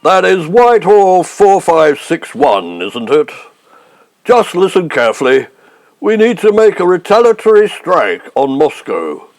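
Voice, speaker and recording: A man's voice: high voice, big pitch swings, unhurried, darkish tone, no room sound, full character voice. A man doing a spoof impression of a pompous older prime minister calling from a phone box, with a clipped, impatient manner. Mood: blustering.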